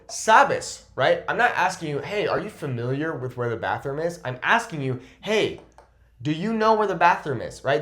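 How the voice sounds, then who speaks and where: A man teaches a Spanish grammar lesson with bright, emphatic energy. His voice sits a little high and leaps around on the words he wants to stress. He checks in with the viewer constantly. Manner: upbeat, emphatic, checks in with "okay?" often. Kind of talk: whiteboard lesson.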